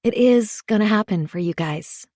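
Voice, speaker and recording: A woman voicing a calm young mother in an audiobook, explaining things gently. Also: mid-range voice, normal speed, dry recording, clean studio sound, lightly acted.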